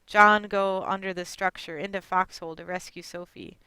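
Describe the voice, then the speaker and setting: A woman performs a dramatic monologue as a stubborn 68-year-old Chinese immigrant grandmother, speaking blunt, broken English in a fretful, blunt mood. Her voice is fairly low, sharp, clear and resonant, with fairly even intonation and a moderate pace. The recording has no echo but is rough.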